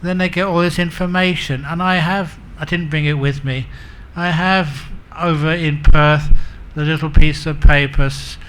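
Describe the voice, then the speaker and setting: A man's voice: on the high side, steady tone, moderate pace, hardly any pauses, a bit bright, a little hiss or hum. A man giving a humorous Buddhist dharma talk as a monk teacher, telling stories and acting out the characters. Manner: humorous, self-mocking.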